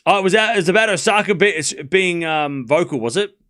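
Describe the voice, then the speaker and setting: A man hosting a live tennis watchalong stream, chatting casually and excitedly, laughing often and thinking out loud. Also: sits high, a little fast. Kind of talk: live commentary and casual chat.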